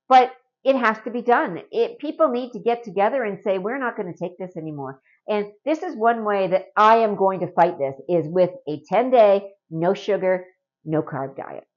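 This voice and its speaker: A woman's voice: mid-range voice, muffled recording. A middle-aged woman from Canada talking casually and earnestly to camera in a home vlog, often adding a rhetorical "right?". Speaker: vlogger.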